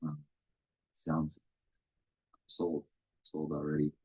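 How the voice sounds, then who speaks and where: A man's voice: a bass voice, completely flat delivery, extremely slow, warm tone, slightly rough, lo-fi sound. A young man co-hosting a college radio show, joking in a laid-back way. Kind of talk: casual radio chat.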